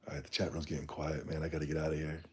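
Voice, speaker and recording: A man's voice: a bass voice, completely flat delivery, very fast, darkish tone, slight background noise. A man hosting a casual livestream, ranting bluntly in slangy talk and reading the chat. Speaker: streamer.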